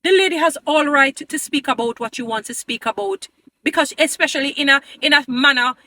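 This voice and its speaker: Emphatic high-voiced woman vlogger. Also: brisk, bright, forceful tone, a little hiss or hum. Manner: emphatic, pleading, preachy; addresses viewers as "beautiful people". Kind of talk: opinion commentary to camera.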